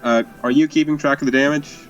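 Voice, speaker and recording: A man's voice: fairly high pitch, fairly even intonation, fast, faint music behind. A man playing a tabletop game, trading teasing banter with mock British bluster. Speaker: player. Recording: dull lo-fi mic.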